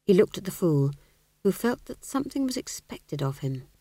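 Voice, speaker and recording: A woman narrates a comic fantasy novel in a lowish, steady voice. Her delivery is measured and expressive. The recording is close and dry, with no room sound. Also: no echo. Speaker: audiobook narrator.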